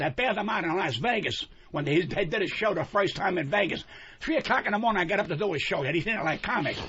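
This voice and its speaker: Older male comic, high swooping voice, yelling profanities; dull radio sound. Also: lively intonation, fast, slightly rough. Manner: loud, yelling, profane, combative. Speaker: guest comedian. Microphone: studio microphone. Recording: muffled radio broadcast.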